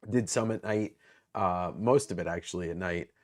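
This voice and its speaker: A man's voice: low-pitched, normal speed. A man hosting a casual live stream, rambling and self-mocking as he greets viewers in the chat by name.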